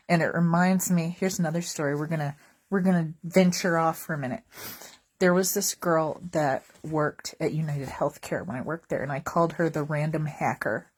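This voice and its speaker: A woman vlogger telling funny stories in a casual, wry, rambling way, joking about everyday mishaps. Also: deep voice. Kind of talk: casual comedic storytelling.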